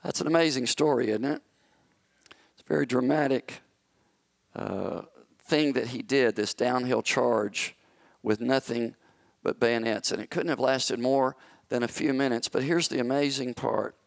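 A male pastor telling a story in a sermon, acting out the characters and rising to shouted commands. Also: medium pitch, steady tone, unhurried, gravelly, long pauses, no echo.

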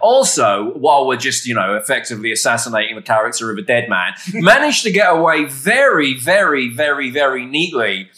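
A man's voice: mid-range voice, big pitch swings, a little fast, hardly any pauses, bright, forceful tone. A man co-hosting a podcast, telling self-mocking stories in a casual chat. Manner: storytelling, self-mocking, lots of fillers and restarts. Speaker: podcast co-host. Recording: roomy echo.

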